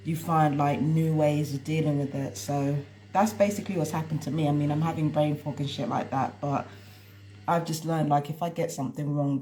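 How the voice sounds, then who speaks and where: A woman's voice: low voice, dark tone. A woman talking casually on a live stream from home, rambling and exasperated as she vents. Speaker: tarot reader and vlogger. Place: at home indoors.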